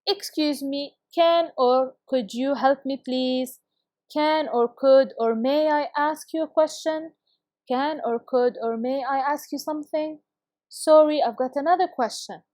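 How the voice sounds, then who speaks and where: A woman teaching a recorded English lesson with a clear, encouraging classroom delivery. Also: sits high, a little mellow, no room sound, clean studio sound.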